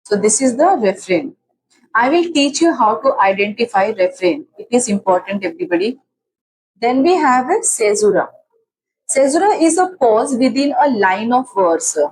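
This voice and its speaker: Lady teacher going over literary terms for exams, says things twice, kinda high voice. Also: animated, moderate pace, a little mellow, husky, poor audio. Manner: explains by repeating definitions; frequent fillers and restarts. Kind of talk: exam-prep lecture.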